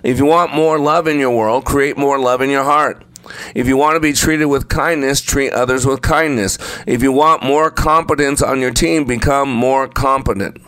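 A man's voice: mid-range voice, steady tone, normal speed, fairly bright tone, no room sound. Man, preacher, sermon, emphatic, repetitive phrasing, dry recording. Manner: emphatic, repeats phrases for effect; acts out the story voices while telling it.

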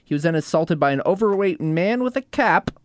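A man co-hosting a casual podcast, reading music headlines and joking between them with relaxed swearing. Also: high voice, a little fast, dry recording, studio quality. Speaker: podcast co-host.

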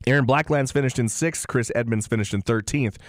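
A relaxed man co-hosting a racing show who reads out race results in a halting way, full of fillers and restarts. His voice sits in a middle pitch and is recorded on a dry, close studio mic. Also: no echo. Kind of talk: casual sports radio chat.

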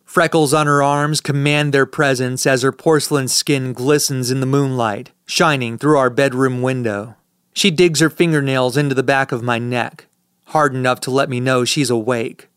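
A man's voice: mid-range voice, fairly even intonation, moderate pace, fairly bright tone, clean tone, dry recording. A man narrating a first-person audiobook in a dry, sardonic manner, recorded on a close studio mic.

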